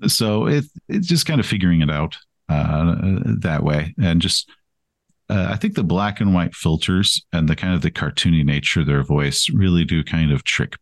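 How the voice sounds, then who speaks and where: A man's voice: extremely low pitch, no echo. A man chatting as a podcast guest, rambling and self-deprecating, with frequent restarts. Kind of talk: casual interview chat.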